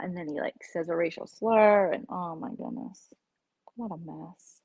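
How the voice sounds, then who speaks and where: A woman's voice: fairly low pitch, normal speed, a little mellow, husky, dry recording, highs cut off. A woman hosting a casual live-stream chat, gossiping candidly and sometimes dropping to a whisper.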